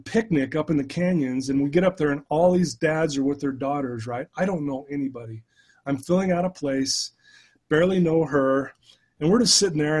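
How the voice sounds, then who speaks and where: Husky-voiced man telling his story. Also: on the high side. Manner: animated storyteller who addresses the host by name. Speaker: guest, life coach and motivational speaker. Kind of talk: conversational storytelling in a podcast interview.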